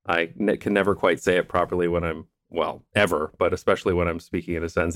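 Chatty co-host, man, low voice, dry close sound, explains things at length. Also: fairly even intonation, fast talker, a bit bright, no room sound. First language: English. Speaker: podcast co-host. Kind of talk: casual conversation.

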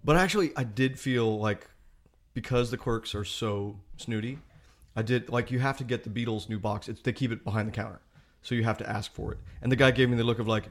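Male podcast guest, mid-pitched and rambling, often laughing. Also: a little fast. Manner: rambling, laughing, self-interrupting. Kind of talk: casual comedic chat.

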